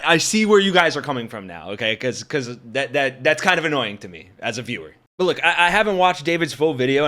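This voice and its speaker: A man in his thirties hosting casual political commentary, talking straight to his viewers, animated and profane. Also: a little high. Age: 30s.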